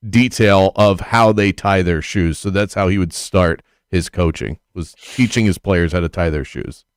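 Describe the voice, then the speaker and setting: A man's voice: low voice, moderate pace, clear, resonant tone, dry recording, clean studio sound. A man hosting a sports radio show, opinionated and wry, wandering off into stories. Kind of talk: sports talk radio banter. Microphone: studio microphone.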